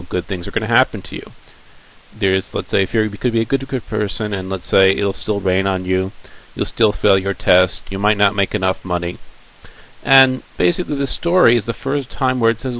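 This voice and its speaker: A male teacher lectures his class in a relaxed, conversational way, telling stories with plenty of asides. His voice sits fairly low. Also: fairly quick, creaky, rough recording. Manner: casual, conversational storytelling.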